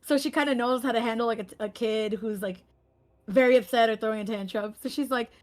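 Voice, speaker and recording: A woman's voice: on the high side, quick pace, darkish tone. A woman playing a tabletop game, talking in a soothing, coaxing way. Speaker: player.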